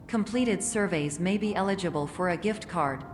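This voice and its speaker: A woman voicing a cold female orientation AI in a game, speaking in a flat, clinical, deadpan way. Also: on the low side, moderate pace, big-room sound, a little hiss or hum, lightly acted. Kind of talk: scripted game voice-over.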